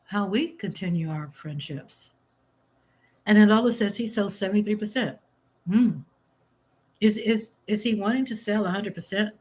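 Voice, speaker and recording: A woman's voice: mid-range voice, moderate pace, pauses often, a little mellow, slightly rough. A middle-aged woman, chatting casually on a live stream, reading viewer comments aloud and eating as she talks. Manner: chatty and exclamatory, eating while talking. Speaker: livestream host.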